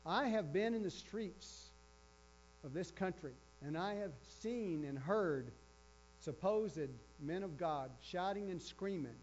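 A man's voice: on the high side, lively intonation, a little slow, a little mellow. A man preaching a sermon with emphasis, repeating his key phrases. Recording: dull lo-fi with faint electrical hum.

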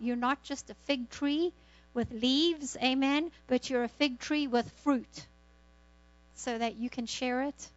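A woman's voice: high voice, no room sound, muffled recording. A woman pastor exhorting a congregation and praying, fervent, repeating words and saying amen often. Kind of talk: church exhortation and prayer.

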